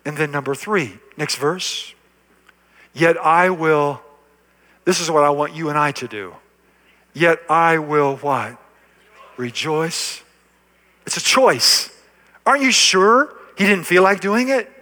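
A man's voice: on the high side, slow, pauses often, sharp tone. A man preaching a sermon as pastor, building to emphatic, repeated lines and dropping to a near-whisper at the ends of phrases. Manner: preaching with rising emphasis and repetition. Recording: long hall reverb.

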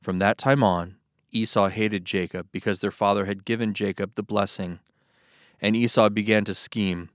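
A man reading Bible passages aloud as scripted narration, with a steady, even storytelling delivery. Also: fairly low pitch, moderate pace, no room sound, studio quality. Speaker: Bible reader.

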